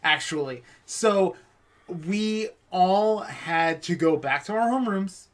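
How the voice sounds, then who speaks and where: A man's voice: high voice, expressive, slow pace. A man co-hosting a podcast, chiming in and telling his own stories with casual swearing. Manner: swearing, chiming in with short replies. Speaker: podcast co-host. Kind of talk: casual chat.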